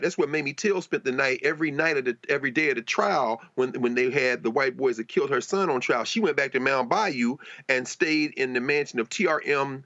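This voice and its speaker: A man's voice: fairly high pitch, gravelly, fairly bright tone, no echo, muffled recording. A man speaking as a panelist, explaining in a professorial way with frequent restarts. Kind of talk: panel discussion commentary.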